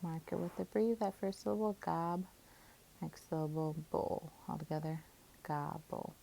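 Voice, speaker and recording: Lady teacher sounding out syllables, low voice, bit of hiss. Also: fairly quick, gravelly, rough recording. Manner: calm, methodical, sounds out syllables. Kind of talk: phonics lesson, syllable division.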